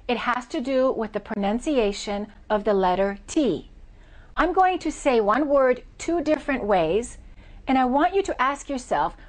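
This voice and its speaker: An American woman teaching pronunciation as an accent reduction trainer. Her voice sits a bit high and she moves at an unhurried pace. She sounds out each example word deliberately, demonstrating every contrast clearly. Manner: slow, deliberate, over-articulated demonstrations. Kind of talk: pronunciation lesson.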